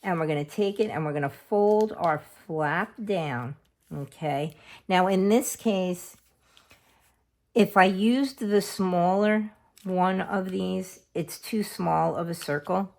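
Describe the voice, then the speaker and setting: A middle-aged woman walks through a craft project at home in a low, deep-set voice. She talks in a slow, easy way, chatty and homely, narrating each step while her hands stay busy. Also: creaky, darkish tone. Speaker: craft video host. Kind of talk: casual craft tutorial.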